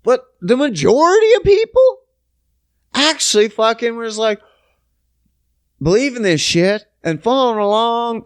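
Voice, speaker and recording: This podcast host is a young man from Canada, and his solo rant is sarcastic and full of profanity. He speaks a little slowly with frequent pauses, in an extremely high, sing-song voice. The tone is clean, and the room adds no sound at all.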